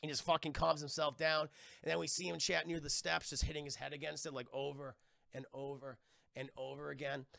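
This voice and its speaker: Gravelly, bright-voiced man recapping to chat. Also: a little high, flat delivery, dry recording, clean studio sound. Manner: profane, rambling, keeps addressing chat; acts out quoted lines in quick voices. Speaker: streamer reviewing a TV episode. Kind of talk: casual livestream recap.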